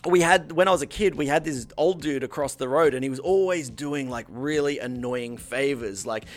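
A man's voice: medium pitch, moderate pace. A young man, a podcast host telling a story in casual chat, acting out other voices and swearing a lot. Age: 20s.

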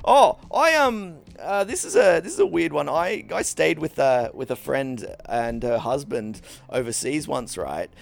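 Young man, casual rambling chat, self-deprecating; fairly high voice with a gravelly edge. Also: big pitch swings, unhurried, few pauses. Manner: rambling, self-deprecating, acts out little dialogues.

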